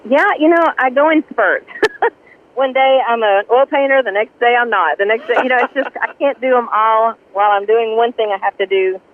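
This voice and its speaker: High-voiced Southern woman on a phone line. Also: normal speed. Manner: lively storyteller, laughs often. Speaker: guest, country singer. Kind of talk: casual interview chat.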